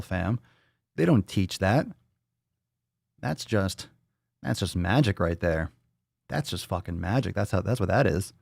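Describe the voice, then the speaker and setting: A man's voice: fairly low pitch, animated, normal speed, vocal fry, pauses often, darkish tone, no room sound, clean studio sound. A man hosting a livestream podcast, talking bluntly and profanely in a fired-up, casual way.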